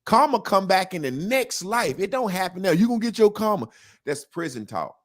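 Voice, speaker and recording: Male guest, casual and emphatic, a somewhat high voice that swings widely. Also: brisk. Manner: animated and emphatic, with slang and repetition. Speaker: interview guest. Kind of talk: casual conversational interview.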